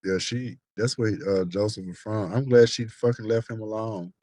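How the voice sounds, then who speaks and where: A man gossiping with his best friend on a phone call. He tells lively, profane stories in slangy talk. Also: lowish voice, moderate pace, no room sound.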